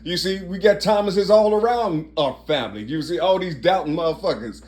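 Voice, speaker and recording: A man's voice: high voice, animated, normal speed, few pauses, darkish tone. A man from Ohio talking in a digressive, repetitive monologue about his family names, often laughing. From Cincinnati, Ohio. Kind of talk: rambling personal monologue.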